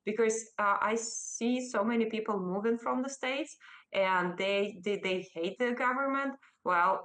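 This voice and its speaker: A woman's voice: medium pitch, a bit bright, rough recording. Defiant Russian-accented woman. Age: 30s. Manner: emphatic, defiant, with halting restarts. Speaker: interviewee, politician. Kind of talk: remote news interview.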